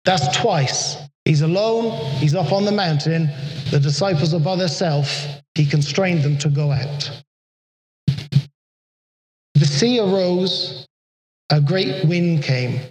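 High-voiced preacher in an echoing hall. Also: male voice. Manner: earnest, slows down for emphasis. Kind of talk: sermon. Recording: echoey hall with long reverb.

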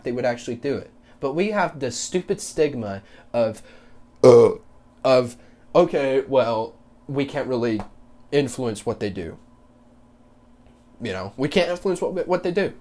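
Young male podcast host, solo rant, blunt and profane, voice of average pitch. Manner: profane, blunt ranting with swings into loud mocking quotes.

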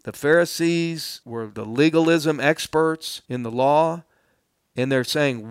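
A man's voice: on the high side, slow pace, smooth, no room sound, studio quality. A male pastor giving a verse-by-verse Bible teaching, speaking earnestly and plainly to his listeners. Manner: earnest, addresses listeners directly; plainspoken and explanatory.

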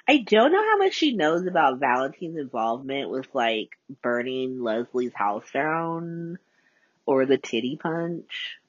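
A chatty woman recaps as a solo podcast host, swearing freely and letting her pitch leap up and dive low. Her voice sits low and slightly husky. The phone voice note sounds dull, dry and lo-fi. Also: sing-song, measured pace, dry recording. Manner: chatty, profane, swings pitch a lot. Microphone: phone voice notes.

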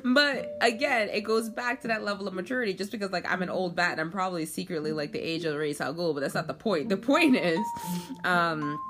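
A chatty young woman tells a story about herself in a loose, rambling way, peppered with fillers and laughter. Her voice sits fairly low for a woman. Music plays clearly underneath her talk. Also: fairly quick. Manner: chatty and self-mocking, many likes and ums, frequent laughs. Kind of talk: casual storytelling to camera.

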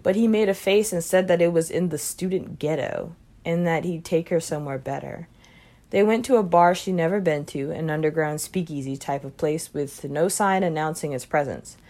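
Low, gravelly woman reading a story. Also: normal speed, a little mellow. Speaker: reader. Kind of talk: reading a short story aloud.

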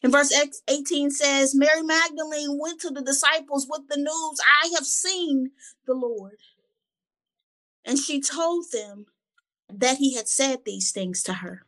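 A little slow and a bit bright, this woman's high-pitched voice carries her Bible study co-hosting. She reads verses aloud, reflects on them in an earnest, conversational way, and repeats words often as she gathers her thoughts.

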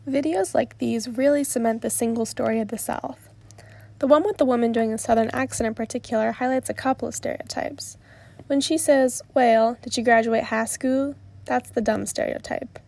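Young woman host, from Oklahoma, earnest commentary, gravelly edge, dark mellow tone. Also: a little high, fairly quick. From Tulsa, Oklahoma, US. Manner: earnest, mildly indignant. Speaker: podcast host. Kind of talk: commentary on played clips and read tweets.

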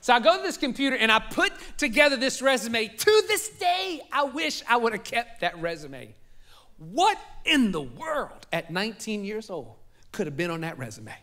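Animated high-voiced Southern pastor. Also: male voice, moderate pace. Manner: animated, jokes with the congregation. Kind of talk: sermon storytelling. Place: church sanctuary.

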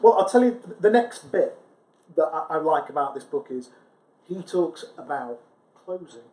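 Man musing aloud, slightly high voice. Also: expressive, moderate pace, warm tone. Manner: reflective, thinks aloud with restarts. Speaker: podcast co-host, sales recruiter. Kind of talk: casual chat. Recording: echoey room.

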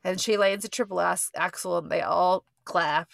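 A woman hosting a podcast, recapping a movie in a casual, rambling way full of fillers and quick self-corrections. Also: on the low side, fairly even intonation, gravelly, no room sound, studio quality. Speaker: podcast host.

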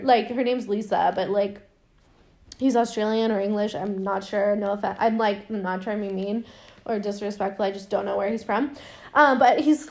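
A woman's voice: on the high side, normal speed, a little mellow. Young woman, casual comedic movie-recap host, chatty, profane, acts out quotes. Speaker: podcast host recapping a film.

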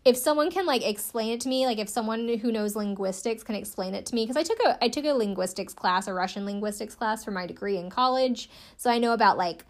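A woman's voice: on the high side, fast talker, hardly any pauses. A young adult woman hosting a casual podcast recap, chatty and rambling, with many "like" fillers and wry asides. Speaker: podcast host. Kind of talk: casual recap of a reality show.

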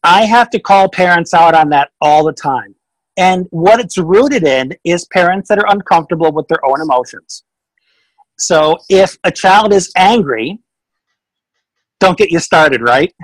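A man's voice: high-pitched, fairly bright tone, dry recording, rough recording. A man appearing as an expert guest on a podcast, speaking in an emphatic, coaching way. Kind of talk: casual podcast conversation.

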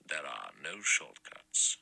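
A man reading an audiobook, voicing an old judge who murmurs slowly and with dry irony. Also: very animated, vocal fry, bright, forceful tone, husky, exaggerated voice, rough recording. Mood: ironic. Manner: slow, low murmur, slightly ironic.

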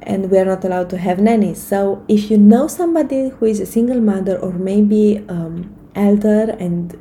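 A woman's voice: medium pitch, normal speed, warm tone, a little hiss or hum, poor audio. A woman in her thirties giving an earnest, encouraging motivational talk to camera, with frequent fillers and restarts. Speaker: vlogger giving life advice.

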